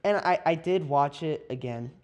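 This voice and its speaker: A young man hosting a podcast, talking about movies in a casual, animated way with frequent laughs. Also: fairly high pitch, moderate pace, dull audio. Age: young adult. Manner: animated, laughs often, many restarts. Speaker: podcast host. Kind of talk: casual chat.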